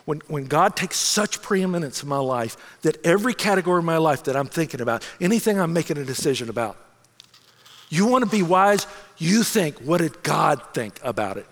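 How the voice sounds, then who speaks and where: A middle-aged man, a senior pastor, telling a self-mocking story in an animated way during a sermon. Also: a little high, fairly quick, long reverb tail.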